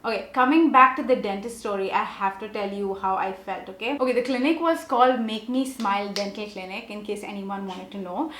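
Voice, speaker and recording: A woman's voice: mid-range voice, a little fast, few pauses, a bit bright, roomy sound. A young woman vlogger chatting casually to her viewers while doing her makeup and telling a story. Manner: chatty, addresses viewers directly. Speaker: beauty vlogger.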